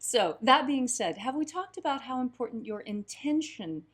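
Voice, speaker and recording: A woman co-hosting a livestream, chatting and telling a parable in a lively way. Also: high voice, moderate pace. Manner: affirming, animated storyteller. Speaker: co-host. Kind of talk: conversational teaching and storytelling.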